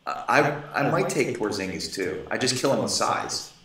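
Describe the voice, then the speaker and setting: A man guesting on a casual sports chat, giving measured, dry opinions and listing players. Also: fairly low pitch, sing-song, a bit bright. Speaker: guest commentator. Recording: very echoey room far from the mic.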